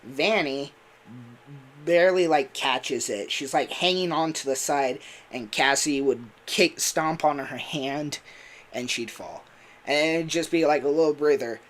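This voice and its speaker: A man's voice: on the high side, measured pace, a bit bright. Rambling man chatting on a stream. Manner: rambling, full of fillers and laughs. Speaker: voice actor and streamer. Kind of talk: casual livestream chat.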